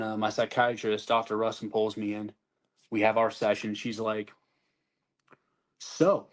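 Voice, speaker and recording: A man who served as an army soldier, telling his story in a blunt, profane, conversational way and acting out what others said to him. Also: fairly low pitch.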